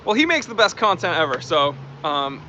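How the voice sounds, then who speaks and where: A man's voice: a little high, very animated, normal speed, sharp tone, a little hiss or hum. A man hosting a casual live stream, chatting and reading out and thanking viewer comments. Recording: dull lo-fi stream audio.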